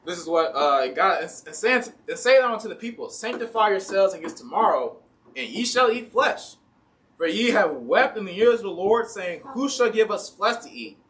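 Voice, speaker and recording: Ohio man, higher register, casual church sermon, a step off the mic. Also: very animated, moderate pace, a bit bright, far from the mic. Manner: casual, voices complaining Israelites and God in everyday speech. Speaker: preacher. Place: church sanctuary.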